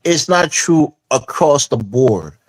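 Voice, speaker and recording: A man's voice: mid-range voice, animated, slow. A man on a panel making assertive, emphatic points in a casual debate.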